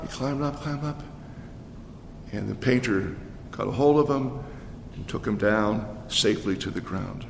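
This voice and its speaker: A man preaching a sermon as a pastor, in a conversational, animated storytelling way. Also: mid-range voice, normal speed, vocal fry, reverberant, in a large hall, a little hiss or hum.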